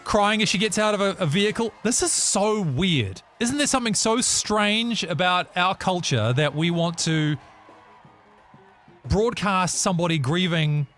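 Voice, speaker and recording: A man's voice: sits high, expressive, unhurried, a bit bright, faint music behind. A man co-hosting a casual news chat show, joking and bantering. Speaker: radio co-host.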